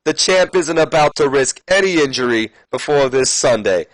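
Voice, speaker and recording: A man's voice: mid-range voice, animated, moderate pace, dry recording, close to an everyday voice, low-quality recording. A man voicing a smug older male wrestling manager with a sneering, mocking delivery.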